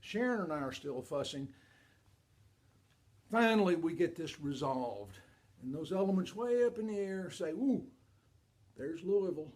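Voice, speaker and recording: An older man from Kentucky telling a personal story to an audience, animated, swinging between loud and hushed. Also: a little high, moderate pace, pauses often.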